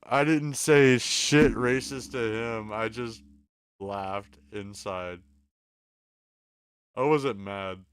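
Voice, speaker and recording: A man's voice: lowish voice, drawn-out words, long pauses, smooth. A tired man hosting a casual late-night podcast chat, rambling, swearing and stammering as he apologizes. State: exhausted, sleepy. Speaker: podcast host.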